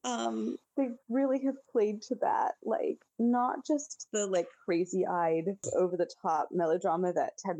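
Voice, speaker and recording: A woman chatting casually as a podcast co-host, recapping a movie scene by scene in a lively, filler-filled way. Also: medium pitch, a little slow, few pauses, dry recording, low-quality recording. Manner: chatty, animated, lots of fillers.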